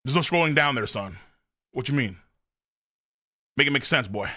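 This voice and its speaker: A man reacting live to a manga chapter on stream, excitable and profane, reading lines aloud and shouting at big moments. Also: medium pitch, normal speed, no room sound, clean studio sound.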